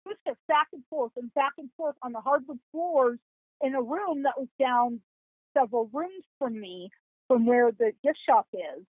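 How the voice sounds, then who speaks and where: A high-pitched woman telling a story in a lively, folksy way and voicing the people in it. She comes through a thin, phone-like line with a dry sound. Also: normal speed, no echo. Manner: animated, folksy storytelling with quoted dialogue and laughs. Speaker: psychic guest. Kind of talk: storytelling in a podcast interview.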